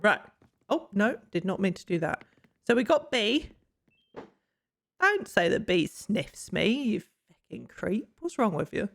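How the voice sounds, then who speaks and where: A woman's voice: medium pitch, very animated, unhurried, vocal fry, long pauses. A young woman chatting casually while streaming a game, swearing and laughing often, her mic pointed the wrong way. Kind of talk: casual gameplay chat. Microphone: desk mic, pointed the wrong way.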